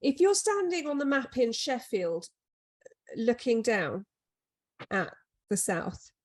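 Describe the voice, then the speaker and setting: A woman's voice: on the high side, big pitch swings, slow, a little mellow. A woman co-hosting a podcast in casual conversation, rambling and making fun of herself. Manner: rambling, self-deprecating. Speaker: podcast co-host. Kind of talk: casual chat.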